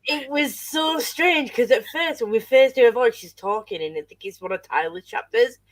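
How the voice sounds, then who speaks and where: A woman guest in a casual book club chat, animated, laughing often and swearing freely as she reviews a novel. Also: fairly high pitch, moderate pace, no room sound.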